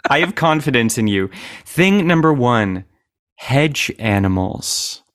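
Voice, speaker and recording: A man's voice: mid-range voice, sing-song, slow, a bit bright, no echo, clean studio sound. A man hosting a podcast in casual chat, upbeat and enthusiastic, laughing along with his guest. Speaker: podcast host.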